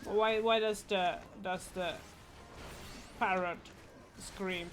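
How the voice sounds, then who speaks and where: A woman's voice: on the low side, steady tone, slow, long pauses, faint music behind. A woman streaming a game, muttering and swearing casually at what is happening on screen. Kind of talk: casual gameplay commentary.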